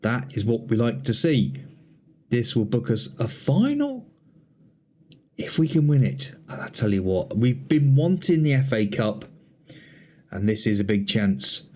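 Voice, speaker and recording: A man's voice: medium pitch, very animated, measured pace, a little mellow. A man playing a football management game, commenting on the matches in chatty mock broadcast style and talking to an imaginary co-commentator. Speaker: gaming channel host.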